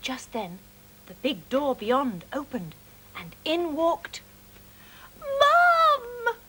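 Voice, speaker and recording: A woman presenting a children's show, reading a storybook slowly and expressively. Her high voice rises and falls widely through every line. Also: very animated, slight background noise, rough recording.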